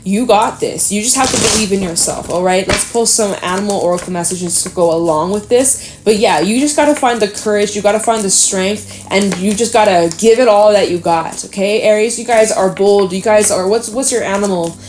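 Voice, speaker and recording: A woman's voice: medium pitch, a little fast, hardly any pauses, darkish tone, a little hiss or hum. A woman giving an encouraging, emphatic tarot reading in a casual way, swearing now and then. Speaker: tarot reader. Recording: echoey room.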